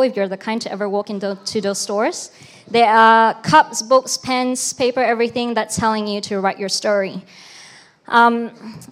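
Female speaker, slightly higher voice, informal conversational sermon, tosses in rhetorical questions. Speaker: preacher. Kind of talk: sermon talk.

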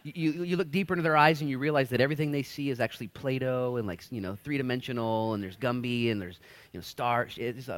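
A pastor in his thirties preaching a sermon, energetic and animated. His voice sits at an ordinary middle pitch, and he slips into quick voices for the people in his stories.

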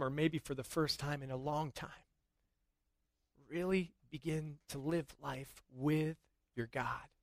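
A middle-aged man preaching a sermon in a church, earnest and rising to excited emphasis at times. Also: on the high side, no echo. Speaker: pastor.

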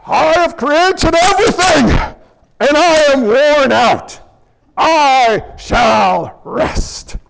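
A preacher voicing God as an exhausted creator who is worn out after making the world, loud and mock-dramatic. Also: male voice, extremely high pitch, animated, very slow, vocal fry, heavily acted. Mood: mock-weary. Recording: long reverb in a large hall.

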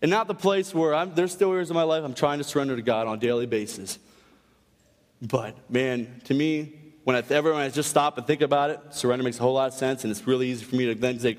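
A young man preaching a sermon, telling stories with animated delivery and acting out quotes in changing voices. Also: medium pitch, fast talker. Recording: long hall reverb.

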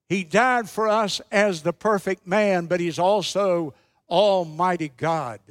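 Pastor guy preaching, high voice, slow and emphatic, dry close sound. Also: no echo. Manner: dramatic storytelling, slow and emphatic. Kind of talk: sermon.

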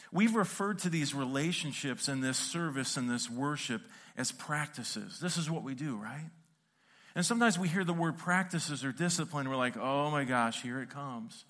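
A middle-aged man preaches from a church stage, his voice bright and forward, sitting a touch high for a man. He tells humorous stories and acts out what he said back then. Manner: storytelling with acted-out quotes and humor. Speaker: pastor. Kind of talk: sermon.

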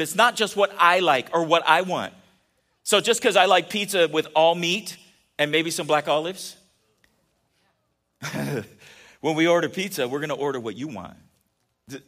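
A man's voice: sits high, pushed and bright. A man preaching a casual, joking sermon, telling stories and often restarting his sentences. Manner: chatty and joking, with many restarts. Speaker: pastor.

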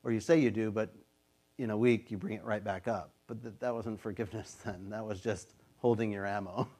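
A man's voice: fairly low pitch, fairly even intonation, fairly quick, darkish tone. A man in his fifties, a pastor, preaching a sermon in a casual, conversational way, sometimes acting out the voices he quotes.

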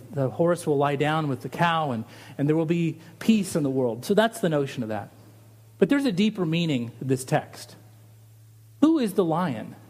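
A middle-aged man preaching a sermon as pastor, animated and lively, his voice rising on rhetorical questions. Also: on the high side.

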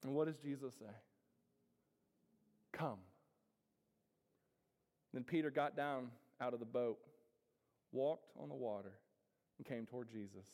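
A man preaching a sermon to his congregation, swinging from loud declarations to hushed, drawn-out lines. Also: mid-range voice. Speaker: pastor. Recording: reverberant hall.

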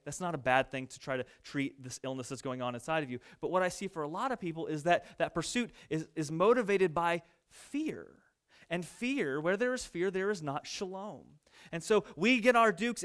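A young adult man preaching a sermon, telling a story in an animated, conversational way to his congregation. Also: high voice, clean tone. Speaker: pastor. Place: church sanctuary.

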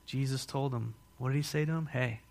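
A male pastor preaching a sermon, telling the story with lively rhetorical questions. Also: mid-range voice, fairly quick.

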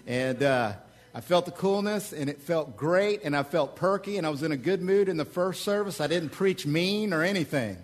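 A man preaching a sermon as pastor, joking asides and emphatic loud peaks. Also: moderate pace. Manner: animated, swings between loud emphatic peaks and low asides; joking, conversational asides to the congregation. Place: church.

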